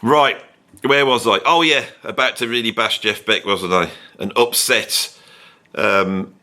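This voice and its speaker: Man, middle-aged, bright forceful tone, sarcastic rambling rant to camera. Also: lowish voice, a little slow, pauses often. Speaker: drummer and video host. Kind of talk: opinionated ranking monologue.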